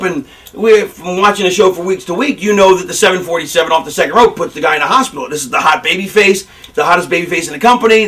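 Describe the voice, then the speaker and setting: High-voiced man telling rambling, profane stories. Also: far from the mic. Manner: rambling, profane, animated storytelling. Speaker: pro wrestler giving a shoot interview. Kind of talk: candid storytelling interview.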